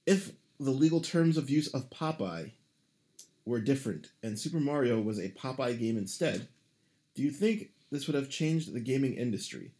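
A man's voice: medium pitch, lively intonation, moderate pace, dark tone. A man co-hosting a casual podcast, reading a listener's email aloud in a dry, joking way. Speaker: podcast co-host.

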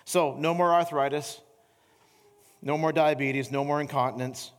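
Middle-aged pastor preaching in a reverberant church. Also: male voice. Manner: animated storytelling, voice climbing high in anecdotes; slows and softens into earnest appeal. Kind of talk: sermon. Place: church sanctuary.

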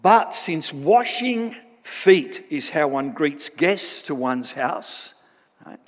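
A man gives an animated Bible lecture, his fairly high voice ringing out in a hall with a long reverb. He keeps checking in with his listeners through quick tag questions.

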